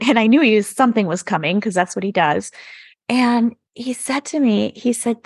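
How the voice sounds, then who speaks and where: Middle-aged woman, gravelly voice, dry close sound, earnest reflective storytelling. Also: on the high side, moderate pace, no room sound. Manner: earnest and reflective, recounting turning points. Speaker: podcast guest, yoga teacher. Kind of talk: personal storytelling.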